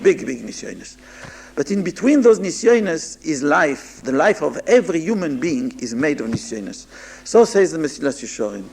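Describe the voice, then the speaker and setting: A man preaching a moral talk in a high, gravelly voice that swings widely up and down. He speaks haltingly, repeats words, and keeps checking whether his listeners understand. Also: darkish tone, a little hiss or hum. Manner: halting, repeats words, mixes Hebrew terms into English, asks listeners "understand?". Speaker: rabbi giving a Musar talk. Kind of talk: sermon.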